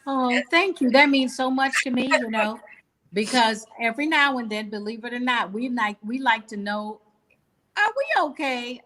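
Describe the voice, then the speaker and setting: A woman's voice: on the high side, steady tone, moderate pace, fairly bright tone. A woman author and guest giving an inspirational talk on a video call, earnest and preachy.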